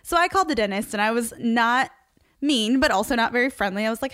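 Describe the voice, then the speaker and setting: A young woman telling a personal story casually to her followers, chatty and animated, laughing often as she talks. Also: on the high side, quick pace, no room sound, studio quality. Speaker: social media creator.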